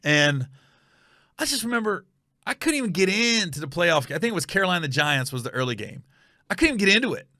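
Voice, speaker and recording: A man hosting a comedy podcast, telling a funny story with animated energy and loud reenactments. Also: fast, no echo, clean studio sound. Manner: animated storyteller, bursts into high shouted yelling when reenacting.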